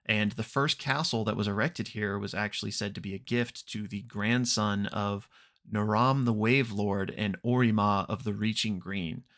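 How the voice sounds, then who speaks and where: A podcast host with a fairly low voice casually recaps an actual-play episode. His retelling is relaxed and unhurried, full of ums and throat clearing, and he briefly slips into characters' lines with quick acted-out quotes.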